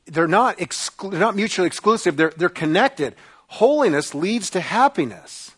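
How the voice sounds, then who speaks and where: A man's voice: high voice, lively intonation, normal speed, husky. A middle-aged male pastor preaching a sermon, emphatic and given to repeating his key lines.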